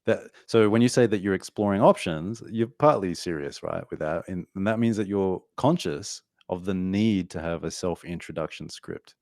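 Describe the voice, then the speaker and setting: A man's voice: sits low, normal speed, few pauses, darkish tone, dry recording, studio quality. An Australian man in his forties, a podcast guest talking candidly and at length in a casual interview. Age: 40s. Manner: talkative, candid, tells stories with asides.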